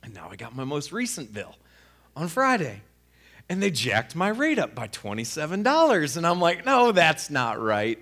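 Lively, sarcastic man telling a story. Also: fairly high pitch, moderate pace. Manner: animated, sarcastic, exasperated. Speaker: speaker telling a personal story. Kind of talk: conversational storytelling.

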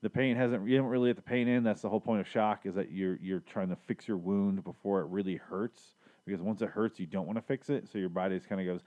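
A man's voice: on the low side, steady tone, fast, dull audio. A man recapping a TV episode in a crude, rambling, joking way. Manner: crude, rambling, jokey asides. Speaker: show recapper. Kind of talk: casual comedic recap.

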